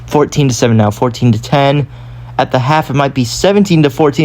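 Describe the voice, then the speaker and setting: Man, casual gaming commentary, rambling, self-correcting, mid-pitched voice. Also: fast, a little mellow. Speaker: gaming YouTuber.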